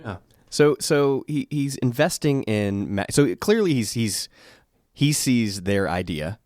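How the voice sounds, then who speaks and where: A man co-hosting a podcast, chatting casually with joking, deadpan asides. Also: mid-range voice, slow, no room sound, clean studio sound. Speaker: podcast co-host. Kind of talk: casual chat.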